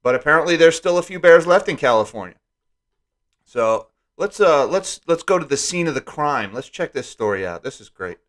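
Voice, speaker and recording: A man's voice: on the high side, expressive, moderate pace, a bit bright. A man hosting a live stream, talking casually with wry jokes and asides. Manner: wry and joking, lots of asides.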